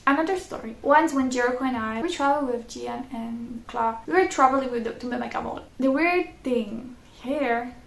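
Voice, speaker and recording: Brief: young woman vlogger, high gravelly voice, chatty storyteller, echoey room. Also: normal speed. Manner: chatty, laughing often, frequent "like" fillers. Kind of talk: casual storytelling.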